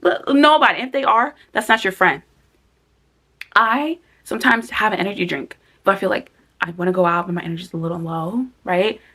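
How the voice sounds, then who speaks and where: A woman in her twenties speaks casually and directly to her viewers. She leans hard on repetition, saying key lines again and again, and acts out her own inner thoughts. Her voice sits at an ordinary pitch and carries a gravelly fry. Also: brisk, pushed and bright. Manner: emphatic, repeats phrases for stress, acts out her own thoughts. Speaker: vlogger giving life advice. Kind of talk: casual direct-to-camera advice talk.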